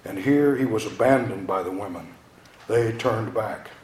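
A man reading poetry aloud in a slow, incantatory, dramatic way. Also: fairly low pitch, a little mellow. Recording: roomy echo.

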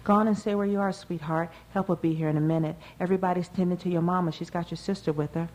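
A woman voicing a kindly neighbor lady who talks to a child in a brisk, motherly way. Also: on the low side, steady tone, a little mellow, close to an everyday voice, low-quality recording. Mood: soothing.

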